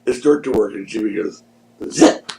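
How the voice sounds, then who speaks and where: A man in his sixties from Philadelphia is a podcast guest, telling stories in a laid-back way, laughing at his own tales and swearing freely. His medium-pitched voice is animated with vocal fry and a moderate pace, though the recording quality is low.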